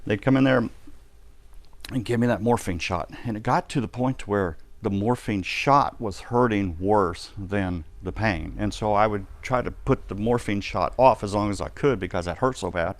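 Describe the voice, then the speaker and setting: A man tells his testimony vividly on a ministry live stream, voicing the cries and responses of the people he describes. His pitch is fairly low, his speed is normal, and there's no echo on the recording.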